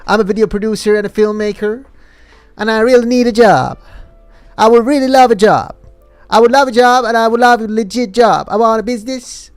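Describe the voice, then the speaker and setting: A man putting on a desperate, pleading job-seeker who begs in a high, strained, overblown voice. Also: a little fast, soft background music. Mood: begging.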